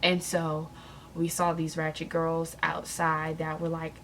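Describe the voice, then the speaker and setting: Young woman vlogger, animated and sassy, slightly low voice. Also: measured pace, slight background noise. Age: young adult. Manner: animated, sassy storytelling to viewers. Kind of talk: storytime vlog.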